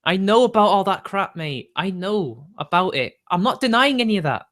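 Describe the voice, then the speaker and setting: A man's voice: high-pitched, expressive, normal speed, a bit bright. A young man, arguing defensively with his live-stream chat and laughing between points.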